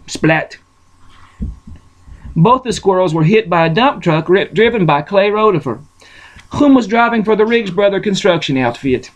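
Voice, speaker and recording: High-voiced man reading a folksy story. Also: poor audio. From Russia. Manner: folksy, rambling asides. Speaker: storyteller host. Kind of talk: casual bedtime story reading.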